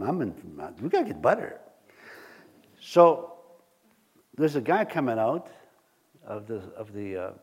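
A man's voice: mid-range voice, husky. A man preaching to a congregation in a church, telling everyday stories with frequent chuckles and questions to the listeners. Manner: animated storytelling, chuckles often, asks the congregation questions. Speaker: pastor. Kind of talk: sermon with personal stories.

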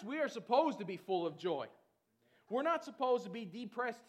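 A man preaching a lively sermon, chatty with many fillers and breaking into shouted calls to the congregation. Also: very high-pitched, moderate pace, husky, muffled recording. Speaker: pastor.

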